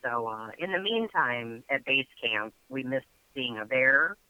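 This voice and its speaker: Chatty man with a sharp, bright voice. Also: mid-range voice, lively intonation, measured pace, clear, resonant tone, no echo, low-quality recording. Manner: chatty, full of fillers. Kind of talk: casual storytelling.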